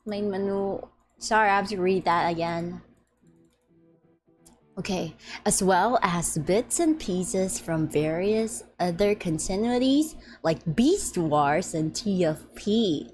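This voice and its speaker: A young woman streaming a game, chatting playfully, giggling often and reading game text aloud, her voice a little deep from just waking up. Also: slow. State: slightly deep morning voice. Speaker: VTuber streamer. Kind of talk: casual live-stream chat. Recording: faint music behind.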